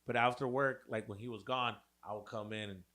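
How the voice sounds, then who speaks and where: A man's voice: mid-range voice, steady tone, a little fast, pushed and bright. A young man co-hosting a podcast, telling a long profane story in casual chat and mixing in Spanish slang. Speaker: podcast co-host.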